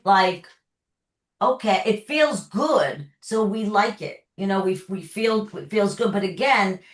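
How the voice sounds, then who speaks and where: A woman therapist answering questions, explaining with everyday examples in a conversational way. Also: medium pitch. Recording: echoey room sound.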